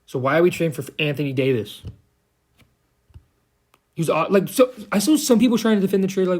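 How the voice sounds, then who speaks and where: A man's voice: high voice, very animated, brisk, pauses often. Heated, profane young man ranting. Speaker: commentary vlogger. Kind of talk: ranting commentary.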